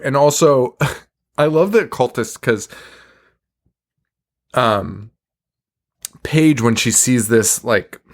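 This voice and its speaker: A man hosting a podcast, chatting casually, swearing freely and laughing often as he recaps. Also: medium pitch. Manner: laughs often, profane, wry. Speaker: podcast host. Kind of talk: casual chat.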